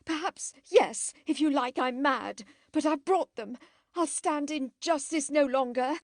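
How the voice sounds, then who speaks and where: A woman reading an audiobook, voicing an impulsive, furious young woman who shouts in sharp high bursts. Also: measured pace, dry recording, studio quality. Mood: frantic, indignant. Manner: shrill, shouting.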